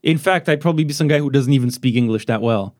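Guy cohosting a podcast, animated and sweary, just chatting loose, average pitch. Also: fast, no echo, clean studio sound. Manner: animated, swears a lot, trails off into laughs. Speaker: podcast co-host. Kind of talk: casual chat.

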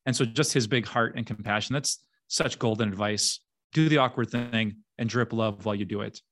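A man's voice: on the low side, normal speed, fairly bright tone. A man in his forties, a pastor hosting a podcast, talking earnestly and laughing easily. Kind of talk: casual faith podcast chat.

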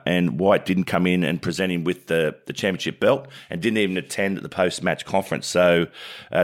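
A middle-aged Australian man and former cricketer, co-hosting a casual sports chat in a relaxed, filler-heavy storytelling way. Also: deep voice.

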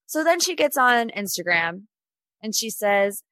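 A woman's voice: fairly high pitch, very animated, unhurried, a bit bright, no room sound. A woman in her twenties hosting a pop culture podcast, chatty and opinionated as she talks through celebrity news. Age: 20s. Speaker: podcast host. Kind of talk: casual pop culture chat.

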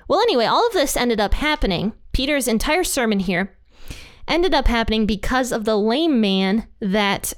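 A woman reading a Bible passage aloud and then explaining it in an earnest, conversational way. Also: a little high. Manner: earnest, conversational, plain-spoken. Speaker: Bible teacher. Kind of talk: scripture reading and commentary.

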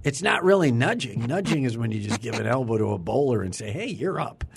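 A man's voice: medium pitch, very animated, fairly quick, gravelly, husky. A man hosting a casual comedy podcast, asking questions and teasing his guest. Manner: joking, teasing, asks questions. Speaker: podcast host.

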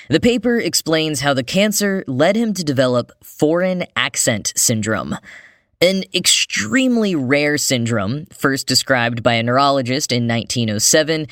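A man hosts a podcast, reading news stories and quoted articles from a script in a mid-range voice. His delivery is measured, with the odd dry, wry aside. The sound is close and dry, with no room echo. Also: medium pitch, a bit bright. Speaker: podcast host.

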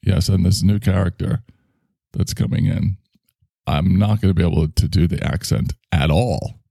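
Playful, gravelly-voiced man. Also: low-pitched, moderate pace, mellow, no echo, clean studio sound. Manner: rambling, playful. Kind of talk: improvised comedy monologue.

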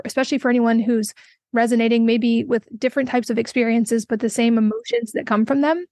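A woman hosting a podcast, speaking in a warm, admiring and measured way to her guest. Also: fairly high pitch, dry recording. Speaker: podcast host. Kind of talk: conversational interview.

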